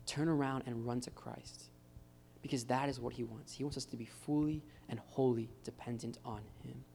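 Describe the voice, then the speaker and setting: A man's voice: medium pitch, fairly even intonation, moderate pace, gravelly, dark tone, slight background noise. A man preaching a casual, encouraging sermon at a church gathering. He speaks informally and keeps calling his listeners "guys.". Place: church gathering with live guitar. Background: faint guitar.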